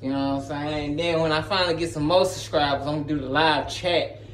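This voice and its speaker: A man's voice: fairly high pitch, steady tone, quick pace, fairly bright tone, a little hiss or hum. A man chatting casually to his channel, rambling in slang and laughing often as he jumps between topics, recorded on a phone. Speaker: gaming YouTuber. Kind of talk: casual vlog chat.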